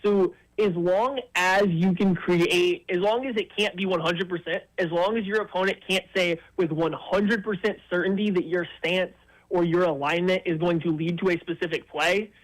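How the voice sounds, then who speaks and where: High-voiced male football analyst. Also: steady tone, rough recording. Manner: quick, confident football analysis. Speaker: sports analyst guest. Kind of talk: sports talk radio interview.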